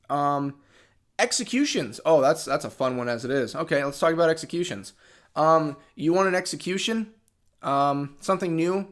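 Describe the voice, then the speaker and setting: A man with a somewhat high voice rants to the camera in a gaming vlog, sounding frustrated and sarcastic. He restarts his sentences often. His voice is starting to go hoarse. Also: fairly bright tone. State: losing his voice. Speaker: gaming channel host. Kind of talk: unscripted vlog rant.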